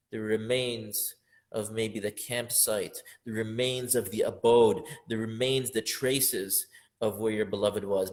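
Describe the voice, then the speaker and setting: A man teaching a religious lesson on a poem, speaking with feeling and rising to emphatic peaks. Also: fairly low pitch. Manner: impassioned, building up to loud emphatic peaks, sometimes half-singing verses.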